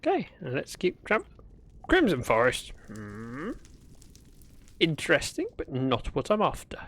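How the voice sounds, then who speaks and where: A man's voice: on the high side, wildly swooping pitch, unhurried, a bit bright, husky. A man chatting through a gameplay livestream, talking to himself and greeting viewers. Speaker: streamer. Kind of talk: casual gameplay livestream commentary.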